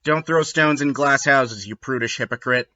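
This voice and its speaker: A man's voice: mid-range voice, moderate pace, sharp tone, dull audio. A man hosting a comedic readthrough, delivering sarcastic, wry commentary. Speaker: host reading and mocking a fanfiction.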